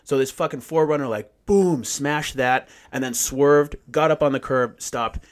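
A man's voice: mid-range voice, measured pace. A man casually telling a long story, swearing freely and acting out what people said. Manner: profane, animated storytelling with acted-out quotes. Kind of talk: casual chat.

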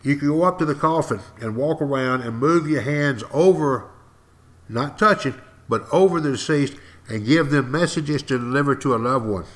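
A man's voice: medium pitch, moderate pace. A man giving a podcast history lecture as a folksy, dramatic storyteller who keeps turning to speak directly to his listeners.

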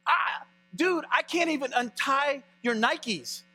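A preacher voicing an awestruck, excitable young prophet who stammers in protest. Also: male voice, very high voice, slow pace, soft background music, pitched above the performer's own voice, full character voice. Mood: incredulous. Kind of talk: sermon retelling.

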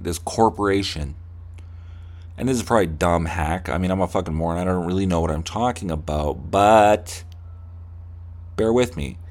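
A man's voice: sits low, darkish tone. A man hosting a podcast, ranting with heavy swearing and slipping into mocking voices of corporate staff. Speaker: podcast host. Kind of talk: profane comedic rant.

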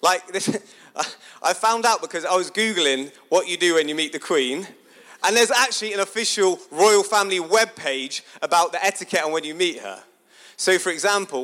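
A man giving a chatty, sermon-style talk, asking his listeners questions as he builds a story. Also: on the high side. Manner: animated, chatty, asks the audience questions.

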